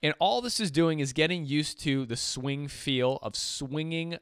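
A man's voice: a little high, unhurried, fairly bright tone. A man teaching jazz swing feel, explaining patiently and counting beats aloud. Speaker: music teacher. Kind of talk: instrument lesson.

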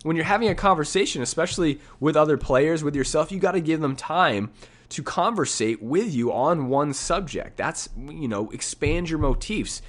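A man's voice: fairly high pitch, lively intonation, moderate pace. A man teaching, breaking down his recorded piano solo in a casual way, scatting rhythms aloud and often asking "right?", with faint piano under him. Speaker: music teacher. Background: faint piano music.

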